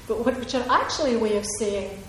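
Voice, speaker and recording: A woman's voice: fairly high pitch, fast, fairly bright tone. A woman from Scotland, an author answering audience questions in a chatty, digressive way, laughing often. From Ayrshire, Scotland. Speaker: author at a reading. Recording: echoey hall with faint noise.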